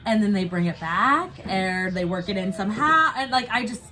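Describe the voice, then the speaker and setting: A woman co-hosting a casual chat, animated and quick to act out what others said. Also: mid-range voice, background noise. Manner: animated, quotes people in exaggerated voices, laughs a lot. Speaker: co-host.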